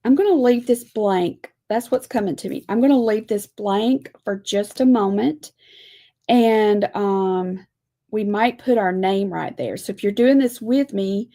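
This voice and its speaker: Woman, lettering teacher, chatty and folksy, unhurried, warm mellow tone. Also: mid-range voice. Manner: chatty, folksy, says y'all. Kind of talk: live-streamed craft lesson.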